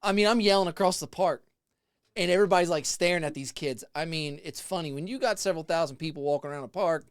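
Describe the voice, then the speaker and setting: A man's voice: a little high, quick pace, clear, resonant tone, no echo, clean studio sound. A man in his forties, a haunted house actor, telling a story in a casual chat with laughs, acting out other people's voices. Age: 40s. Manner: animated, laughing, acts out voices.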